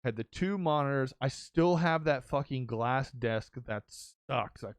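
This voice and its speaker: Excitable young man telling a story, dry sound. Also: medium pitch, unhurried, clean tone, no room sound. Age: young adult. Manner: excitable storytelling, swears often, many restarts. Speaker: podcast host and streamer. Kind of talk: casual chat.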